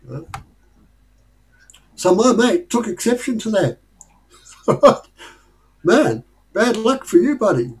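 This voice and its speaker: Chuckling Australian man, fairly high voice. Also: big pitch swings, slow, pauses often, rough recording. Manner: chuckles often, rambling, conversational. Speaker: speaker sharing life lessons. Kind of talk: casual storytelling talk.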